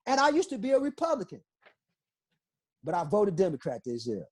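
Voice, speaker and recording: A man's voice: high voice, huge pitch swings, brisk, pauses often, a little mellow. A middle-aged man, a guest on an interview podcast, telling his story in an emphatic, repetitive, impassioned way.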